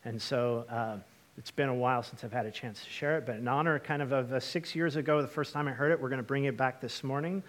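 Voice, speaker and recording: A young man from Washington state preaching a storytelling sermon, chatty and lively, with lots of fillers and asides to the congregation. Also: medium pitch, fast. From Washington state, USA. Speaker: pastor.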